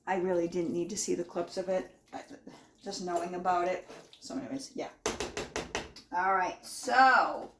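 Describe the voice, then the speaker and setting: A woman's voice: fairly low pitch, a little slow, gravelly, a little hiss or hum. A woman chatting casually in her home kitchen as she tastes and talks through her own cooking, rambling and folksy.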